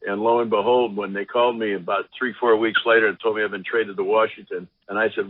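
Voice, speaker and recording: An older former ballplayer telling lively anecdotes in an interview, acting out the voices of the people he quotes. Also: lowish voice, fast talker, few pauses, no echo. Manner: animated anecdotes, acts out quotes. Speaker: former baseball pitcher, guest. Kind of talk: storytelling interview. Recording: dry, phone-like line.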